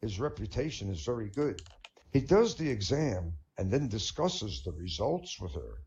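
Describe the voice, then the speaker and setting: A man tells groan-worthy jokes as stand-up and laughs along at his own punchlines. His voice is gravelly and swings up and down lively. The sound comes through dull and lo-fi, like an online voice chat. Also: lowish voice, moderate pace. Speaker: comedian. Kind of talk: stand-up joke telling.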